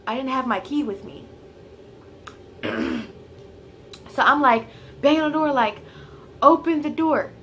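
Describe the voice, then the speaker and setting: Bright-voiced woman telling a story. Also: high-pitched, a little slow, pauses often, a little hiss or hum. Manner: chatty, filler-heavy storytelling; grows loud and heated when retelling the fight. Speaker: vlogger. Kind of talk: casual storytime vlog.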